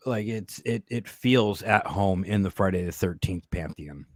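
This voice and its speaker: A man co-hosting a podcast, talking excitedly and profanely about a horror film with a friend. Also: low-pitched, unhurried, dry recording, clean studio sound. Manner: excitable, swears, bursts into shouts. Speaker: podcast co-host. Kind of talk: casual movie review chat.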